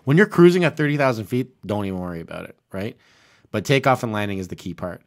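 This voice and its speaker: A man chatting casually on a podcast, excitable and swinging from hushed to loud. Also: fairly low pitch, quick pace. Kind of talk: casual chat.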